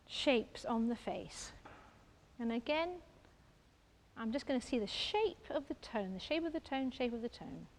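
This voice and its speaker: High-voiced woman painting live. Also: expressive, normal speed. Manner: chatty, enthusiastic, thinks aloud while painting. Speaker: artist giving a painting demonstration. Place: exhibition space, indoors.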